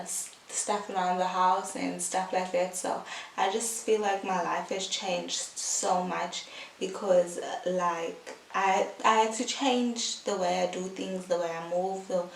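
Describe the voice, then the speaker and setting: Slow-talking young woman, echoey room. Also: lowish voice, gravelly. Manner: chatty, heartfelt, fillers like "like" and "um". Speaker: vlogger, new mother. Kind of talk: casual vlog chat. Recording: echoey room, mic at a distance, faint hiss.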